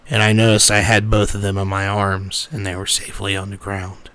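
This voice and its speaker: A man voicing a rough, uneducated, big-hearted young male pegasus, telling his own backstory in a rambling, self-correcting, easily flustered way. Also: lowish voice, completely flat delivery, brisk, sharp tone. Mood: earnest. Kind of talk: in-character storytelling.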